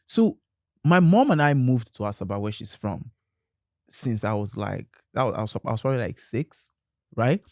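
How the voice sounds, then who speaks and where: A Nigerian man co-hosting a podcast, telling animated stories in casual chat and slipping into pidgin. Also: medium pitch, moderate pace, no room sound, studio quality. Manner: animated storyteller, slips into pidgin. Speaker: podcast co-host.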